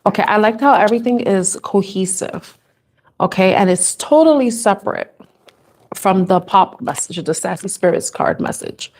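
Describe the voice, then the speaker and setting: A woman's voice: medium pitch, animated, normal speed, darkish tone. Tender woman giving a tarot reading. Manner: tender, rambling, moved to tears at times. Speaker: tarot reader. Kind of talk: live tarot reading to camera.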